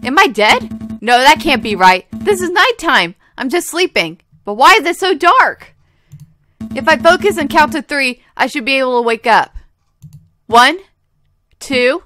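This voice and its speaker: A woman's voice: sits high, sing-song, unhurried, fairly bright tone, soft background music, exaggerated voice. A woman voicing a stubborn, flustered young male lawyer in a game.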